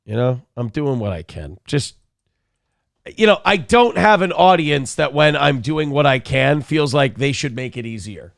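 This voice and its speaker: A man's voice: fairly high pitch, a little slow, gravelly, a bit bright, dry recording, studio quality. A sick, cranky man hosting a live morning show, crude and profane, mocking others with put-on voices. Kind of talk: profane live-stream commentary.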